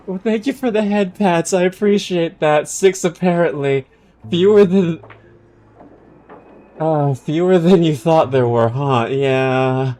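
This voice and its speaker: A young man streaming a game, chatting with viewers in a self-mocking, animated way that jumps into high exclamations. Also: slow pace, slight background noise. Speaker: streamer and voice actor. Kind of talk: casual live-stream chat while playing.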